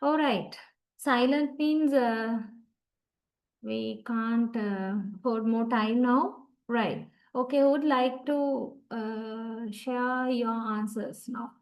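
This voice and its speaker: A woman teaching an online class, prompting students slowly and patiently with lots of hesitations. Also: fairly high pitch, steady tone. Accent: South Asian English. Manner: slow, patient prompting with many fillers.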